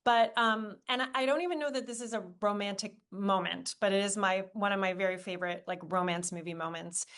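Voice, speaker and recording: A woman screenwriter appearing as a podcast guest, talking with gushing enthusiasm and quick asides. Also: mid-range voice, a bit bright. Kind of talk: casual interview chat.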